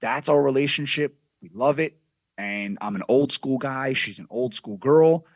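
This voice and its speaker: A man spins a brash, profane story as a podcast guest, acting out the voices of everyone in it. His voice sits at a middle pitch, recorded dry and close with no room sound. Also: unhurried, no echo. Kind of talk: casual storytelling.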